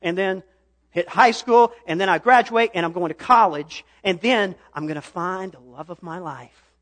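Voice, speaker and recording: High-voiced young male preacher. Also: normal speed. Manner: storytelling, builds to impassioned shouting. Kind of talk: sermon. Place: church stage.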